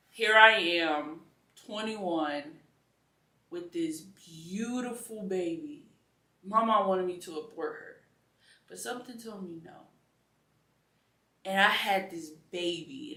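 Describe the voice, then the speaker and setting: A woman's voice: medium pitch, slow pace, long pauses, a bit bright. A young adult woman giving an earnest, conversational personal faith testimony as an interview guest, with casual slang. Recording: echoey room.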